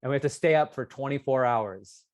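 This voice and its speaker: Excitable man joking on a dry mic. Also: a little fast, dry recording. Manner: excitable, teasing, jumps up in pitch when joking. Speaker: podcast co-host. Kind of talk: casual comedic chat. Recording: dry close mic on video call.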